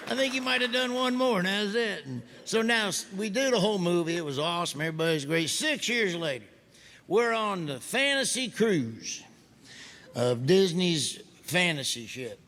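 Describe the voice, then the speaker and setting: A man doing stand-up comedy, telling folksy stories loudly and mimicking other people's voices. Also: sits high, expressive, moderate pace. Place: stage before a live audience. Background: audience laughter.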